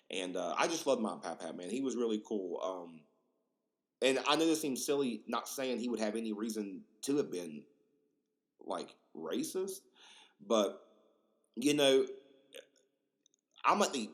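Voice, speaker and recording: A young man hosting a podcast, telling stories in a rambling, slangy way with lots of fillers and crude jokes. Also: lowish voice. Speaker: podcast host. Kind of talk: casual storytelling monologue.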